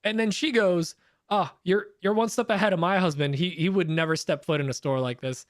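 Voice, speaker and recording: A man's voice: high voice, brisk, dry recording, studio quality. A young man co-hosting a podcast in casual chat, telling stories animatedly and laughing often. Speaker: podcast co-host.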